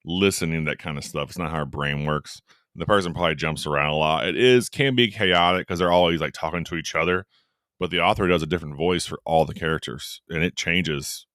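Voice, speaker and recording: A man with a very deep, bright, resonant voice co-hosts a casual book chat. He rambles enthusiastically and trails off mid-thought. The sound is close and dry. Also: a little fast, no echo. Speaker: podcast co-host.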